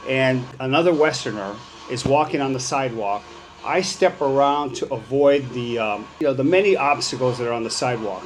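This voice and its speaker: A man in his sixties tells stories in a casual vlog, animated and acting out the dialogue. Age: 60s. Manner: animated, acts out dialogue with rising pitch. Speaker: vlogger. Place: outdoors on a sunny street.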